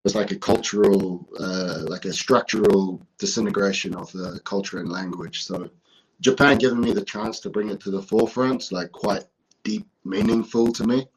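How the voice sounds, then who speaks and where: Husky, low-voiced New man. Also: steady tone, normal speed, rough recording. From New Zealand. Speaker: guest, professional wrestler. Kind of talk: casual interview talk.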